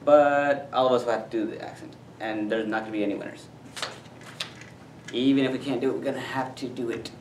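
A man's voice: medium pitch, fairly even intonation, brisk, darkish tone, a little hiss or hum. A man hosting a casual challenge video, loose and upbeat. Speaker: host. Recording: roomy, camera far off.

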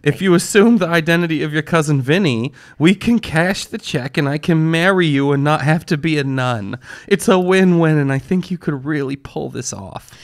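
A man voicing a clingy woman in her thirties, attempting a New Jersey accent with a breathy voice while his throat is bad. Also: fairly high pitch, expressive, moderate pace. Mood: eager.

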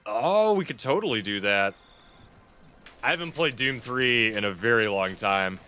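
A man's voice: mid-range voice, expressive, unhurried, pushed and bright, slight background noise. A man streaming a video game, chatting casually with viewers, swearing freely and laughing often. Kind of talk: casual gameplay commentary.

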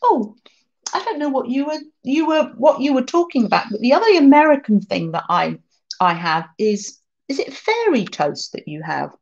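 A woman's voice: sits high, big pitch swings, normal speed, darkish tone, muffled recording. A woman hosting a craft livestream, chatting casually, reading out viewer comments and laughing often.

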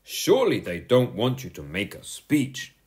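Man doing a stuffy disapproving father, worried, lively pitch, children's storybook. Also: measured pace. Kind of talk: children's audiobook reading.

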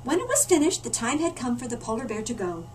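A woman reading a picture book aloud to children, her high voice swooping up and down with drama. She turns to her listeners with little asides, and the mic sits far off with a faint hiss in the room behind. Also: wildly swooping pitch, quick pace. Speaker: librarian storyteller. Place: library.

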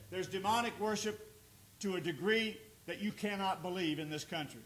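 A man's voice: high-pitched, normal speed, fairly bright tone. A male pastor preaching a sermon, reading scripture aloud and building emphasis. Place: church sanctuary. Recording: echoey church room with faint noise.

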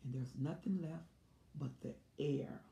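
A woman's voice: sits low, unhurried, creaky, warm tone, roomy sound. A woman giving an emphatic, preacherly talk, telling a story and acting out its scenes in different voices. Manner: acts out scenes in character voices. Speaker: relationship teacher.

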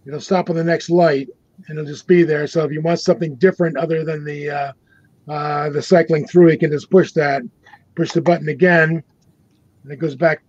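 Casting: older man, slightly high voice, hesitant maker demoing a gadget, dry dull video-call sound. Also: a little mellow, no room sound. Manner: halting, many fillers and restarts. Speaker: maker showing a project. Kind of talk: casual show-and-tell on a video call.

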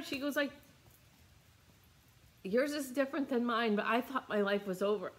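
Young adult woman, slightly high voice, tearful, rambling storytelling, repeats herself. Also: normal speed, pauses often, a little hiss or hum. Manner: emotional, rambling, repeats phrases. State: tearful, near crying. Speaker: meditation teacher. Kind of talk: personal storytelling.

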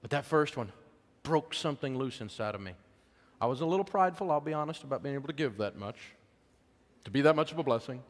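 Middle-aged american guy preaching, folksy, gets loud then goes real soft, mid voice, big hall reverb. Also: medium pitch, expressive, fast talker. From United States. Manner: folksy, emotional, swings between loud preaching and soft hush. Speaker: speaker on faith and money. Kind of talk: sermon-style storytelling talk.

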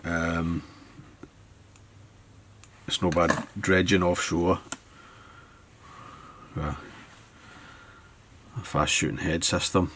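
Scottish guy talking through tying a fly, deep voice, laid back, muttering as he goes. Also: level tone, very slow, pauses often, fairly bright tone, a little hiss or hum. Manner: easygoing, thinking aloud as he works. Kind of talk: tutorial narration while working.

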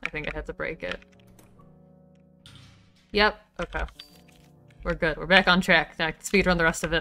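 A woman's voice: lowish voice, steady tone, moderate pace, long pauses, bright, forceful tone, faint music behind. A woman game streamer chatting casually as she plays, swearing freely and muttering to herself. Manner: swears freely, talks to herself while playing. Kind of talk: casual livestream chat while gaming.

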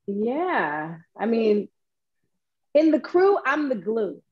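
Woman guest, high and emphatic, jokey, on muffled call audio. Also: sing-song, takes it slowly, husky. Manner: joking, emphatic, piles up repeated no's. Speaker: guest dance artist. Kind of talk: casual chat on a video call.

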